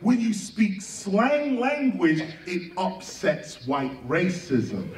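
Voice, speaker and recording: A man with a high, swooping voice delivers an unhurried lecture, leaning on rhetorical questions and spelling words out letter by letter. He sits back from the mic in an echoey room. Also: very animated. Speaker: speaker giving a talk. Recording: echoey room, far from mic, faint ambient noise.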